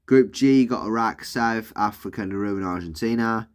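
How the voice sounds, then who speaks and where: A man's voice: on the low side, moderate pace, smooth. A man giving casual, rambling commentary while playing a video game, swearing and thinking aloud. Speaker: gaming video creator.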